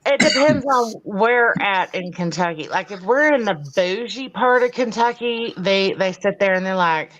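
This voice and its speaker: A woman's voice: mid-range voice, animated, normal speed, few pauses, fairly bright tone, muffled recording. A woman with a Texas accent, co-hosting a casual live stream chat and laughing easily. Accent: Texas Southern.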